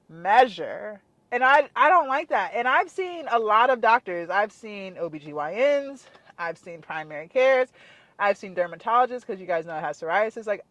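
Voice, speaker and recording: A young woman fitness vlogger telling a story to her viewers in a frustrated, animated way, saying "like" constantly. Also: a little high, dry recording. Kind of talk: casual storytime rant to camera.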